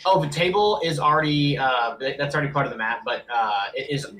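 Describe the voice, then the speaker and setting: A game master narrating a tabletop game, quick and rambling with lots of fillers. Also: medium pitch, a bit bright, faint music behind, poor audio.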